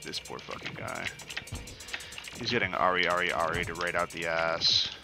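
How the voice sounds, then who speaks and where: A man giving casual, profane, excitable commentary while playing a video game. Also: deep voice, moderate pace, creaky, over music. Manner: profane, excitable trash talk. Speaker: gaming commentator.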